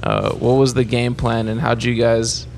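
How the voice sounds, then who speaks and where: A man's voice: medium pitch, level tone, normal speed, creaky, darkish tone, slight background noise. A man hosting a casual interview, laid-back, with short reactions and a question. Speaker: podcast host.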